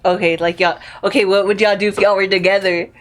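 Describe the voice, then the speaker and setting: A woman's voice: mid-range voice, level tone, fast. A young woman hosting a casual podcast chat with friends. She laughs often and poses hypothetical questions. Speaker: podcast host.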